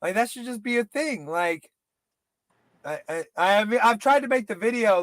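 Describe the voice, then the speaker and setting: A man in casual, profane podcast chat, rambling and slipping into quick impressions. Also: sits high, animated, a bit bright, no echo. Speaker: podcast co-host.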